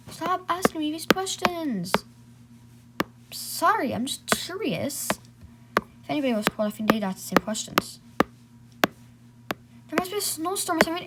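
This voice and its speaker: Here a woman sits high in pitch with a sing-song lilt, speaking at normal speed but leaving long pauses. As storyteller she plays all the parts in a homemade role-play of bickering siblings, over heavy background noise.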